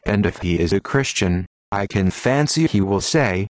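Solemn low-voiced man preaching. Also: animated, normal speed, few pauses, no room sound. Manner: solemn, declamatory. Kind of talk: Victorian sermon reading.

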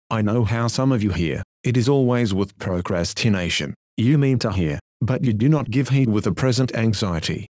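A man delivers a sermon in a solemn, earnest voice, pressing his listeners with question after question. His pitch sits in the middle range for a man, and the recording is dry and close. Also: a little mellow, no room sound. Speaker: preacher. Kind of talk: sermon reading.

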